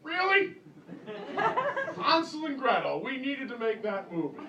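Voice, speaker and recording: A man's voice: very high-pitched, sing-song, a little fast, gravelly, distant mic, lo-fi sound, noisy background. A young man from New Jersey with a New Jersey accent doing a crude, sarcastic stand-up comedy set, jumping into mock voices. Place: comedy club with a laughing audience. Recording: echoey club recorded from afar, crowd laughter.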